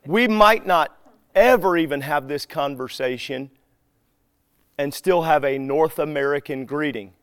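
A man teaching a live group in a relaxed, conversational way. He acts out bits of everyday dialogue as he tells his stories. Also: on the high side, measured pace, clean tone, no echo, clean studio sound. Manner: animated storyteller who acts out dialogue.

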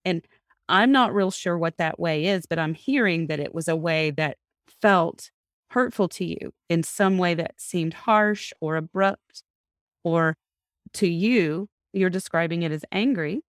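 A woman's voice: lowish voice, unhurried, no echo, studio quality. A woman hosting a podcast, coaching a couple step by step and repeating back what she hears from them. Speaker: couples therapist and podcast host.

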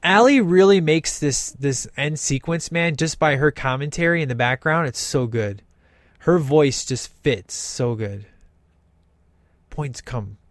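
A man's voice: a little high, expressive, a little slow, no room sound. A man talking through a film in casual commentary, enthusiastic and emphatic with lots of slang.

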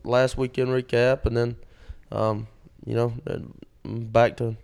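A man's voice: medium pitch, little pitch movement, gravelly, a little mellow, clear, resonant tone. A man, co-hosting a podcast and telling rambling stories with plenty of fillers. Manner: rambling, drawn-out storytelling with many fillers. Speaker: podcast co-host. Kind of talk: casual storytelling chat.

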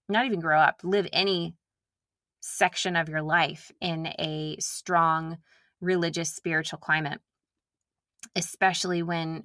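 Bright-voiced candid woman from Nashville. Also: lowish voice, creaky, no room sound, clean studio sound. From Nashville, Tennessee. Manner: candid and earnest, addressing listeners directly; slips into mocking impressions of herself. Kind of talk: casual reflective monologue.

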